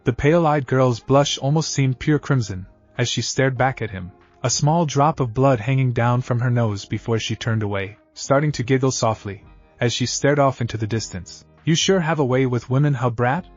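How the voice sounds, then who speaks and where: A man's voice: mid-range voice, normal speed. Man narrating fan fiction, lo-fi audio. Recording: dull lo-fi audio with faint music.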